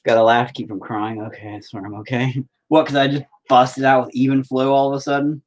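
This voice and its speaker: A painting vlogger with a mid-range voice talks a little fast in a flat delivery. He chats casually while he paints, rambling, swearing, and making jokes at his own expense.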